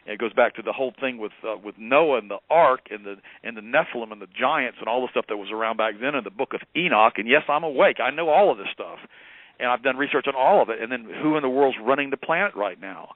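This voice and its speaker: A man being interviewed as a guest on a radio talk show, speaking in a rapid, emphatic and preachy way. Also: mid-range voice, animated, no echo. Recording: tinny phone line.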